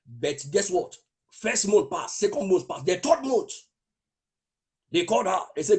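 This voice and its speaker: Fervent male preacher declaring prophecy, high voice with big swings in pitch. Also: sing-song, normal speed, a little mellow, husky. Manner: fervent, declaring, with spells of speaking in tongues. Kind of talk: prophetic sermon with testimony.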